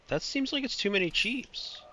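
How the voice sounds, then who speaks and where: A man's voice: very high-pitched, animated, moderate pace, bright, forceful tone, slight background noise. A man streaming a puzzle game live, talking to himself, imitating bird chirps and swearing in frustration.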